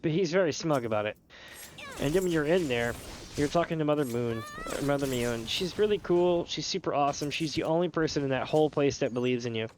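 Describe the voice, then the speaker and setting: A man's voice: fairly high pitch, fairly quick, a little hiss or hum. A man streaming a game, chatting casually and telling rambling stories with laughter. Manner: rambling, animated storyteller who often laughs and slips into voices.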